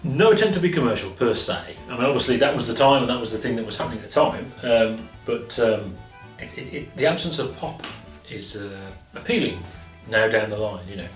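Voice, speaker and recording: A man's voice: mid-range voice, lively intonation, a little fast, hardly any pauses. A man casually chatting as co-host of an album review show, rambling and laughing often. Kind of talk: casual chat. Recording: roomy, slightly distant sound with faint music.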